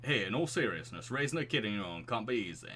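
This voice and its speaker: Northern English neighbour, chatty youth minister, bright forward tone; a man doing the voice. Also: on the low side, expressive, fast, a little hiss or hum. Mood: earnest. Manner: chatty, awkward, cheerful. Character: friendly clean-cut male neighbour, youth minister.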